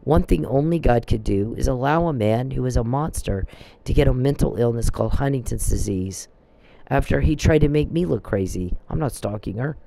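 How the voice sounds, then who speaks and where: A man delivers a preachy, emphatic religious talk and quotes scripture as he goes. His voice is mellow and dark, with a gravelly creak, at a middle pitch. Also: expressive, moderate pace, low-quality recording. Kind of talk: religious exhortation monologue.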